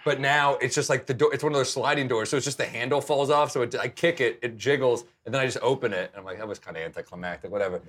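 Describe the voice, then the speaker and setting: A man's voice: medium pitch, quick pace, hardly any pauses, fairly bright tone. A man guest on a casual chat, telling a self-deprecating story over dinner at home. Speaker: guest comedian. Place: home kitchen.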